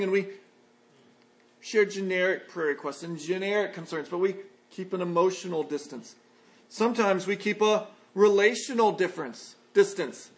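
A man preaching an expository sermon as a pastor, earnest and measured, in a conversational tone. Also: high voice.

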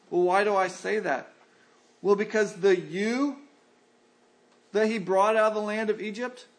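A pastor delivers a sermon in a fairly high voice. He speaks earnestly and with life, acting out the voices he quotes.

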